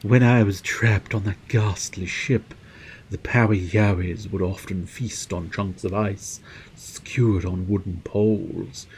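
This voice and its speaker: A man reading a theatrical, eccentric male adventurer in a video game, florid and unhurried. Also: fairly low pitch, fairly even intonation, darkish tone, slight background noise. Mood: wistful.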